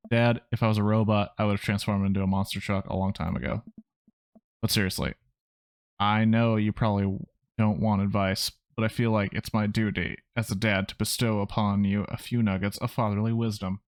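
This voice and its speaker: A man's voice: fairly low pitch, little pitch movement, brisk, no echo, clean studio sound, close to an everyday voice. A man reading the lines of a kind, corny single dad giving his daughter advice in a game. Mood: comforting. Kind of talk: reading game dialogue aloud.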